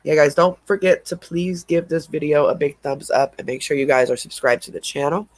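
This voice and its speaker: A man's voice: fairly high pitch, steady tone, brisk, no room sound. Stuffy-nosed man rambling on a livestream. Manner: rambling, drawling, laughs between remarks. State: stuffy and sniffling from allergies. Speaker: livestream host. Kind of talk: casual livestream chat.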